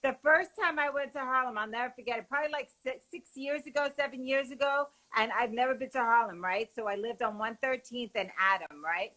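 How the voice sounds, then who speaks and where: A woman from New joins a live stream over her phone as a guest. Her voice is high and bright, and she tells stories in a chatty, excitable way. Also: a little fast, few pauses, poor audio. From New York. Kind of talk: casual live-stream chat.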